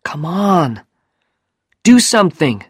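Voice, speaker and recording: Man doing Regan, a high, bold teen girl. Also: big pitch swings, slow pace, breathy edge, dry recording, clean studio sound, exaggerated voice. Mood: impatient. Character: teenage girl, bold and quick-tempered.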